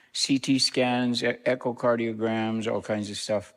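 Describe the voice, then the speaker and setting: A man's voice: mid-range voice, little pitch movement, normal speed, few pauses. An older man, a guest minister, telling a personal story to a congregation in a plain, conversational way. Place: church sanctuary. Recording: long church reverb.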